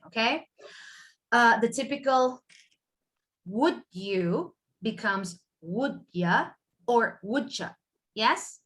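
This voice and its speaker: A woman's voice: on the high side, a bit bright. A woman from Spain teaching an online English listening class, chatty and constantly checking in with her students.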